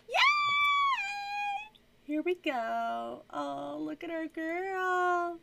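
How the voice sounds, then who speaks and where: A woman's voice: extremely high pitch, lively intonation, very slow, vocal fry, pauses often. A woman narrating her life-sim gameplay in an effusive, doting way with lots of exclamations. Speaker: gaming vlogger. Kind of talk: game commentary. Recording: music playing behind.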